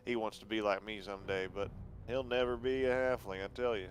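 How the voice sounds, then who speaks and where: A man's voice: fairly low pitch, measured pace, slight background noise, natural voice. A man voicing a chatty, boastful male halfling lawman with a folksy put-on accent.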